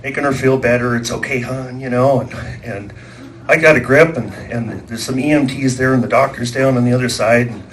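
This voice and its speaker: A man's voice: medium pitch, fairly quick, a bit bright. A man doing live stand-up, telling rambling stories that repeat words and act out quoted voices, at a small live venue. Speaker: stand-up comedian.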